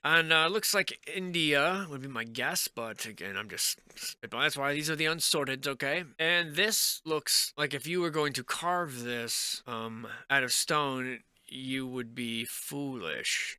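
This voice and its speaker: A man's voice: a little high, pushed and bright, clean tone, no echo. A man vlogging in a casual, rambling, speculative way, often trailing off mid-thought. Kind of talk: casual musing commentary.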